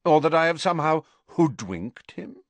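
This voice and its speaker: A man voicing a fanatical witch who shrieks and jeers in a passionate, shrill voice. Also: big pitch swings, normal speed, no echo. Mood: fanatical fury.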